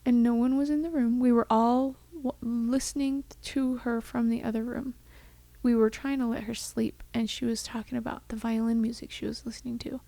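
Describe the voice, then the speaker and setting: A young woman co-hosts a podcast in casual, rambling chat packed with fillers, her voice tender and close to tears. It's a little high, warm and gravelly, with a level tone and moderate pace. No room sound is audible.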